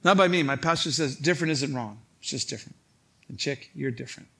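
A male pastor preaching a sermon, telling stories in an animated way and acting out other people's lines, laughing at his own stories. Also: mid-range voice, fast talker, creaky, breathy edge.

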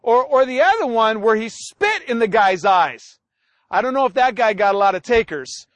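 A man's voice: extremely high pitch, moderate pace, dry recording. A man preaching a sermon who tells stories and acts out both sides of family arguments. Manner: animated storytelling, acts out family dialogue. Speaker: pastor.

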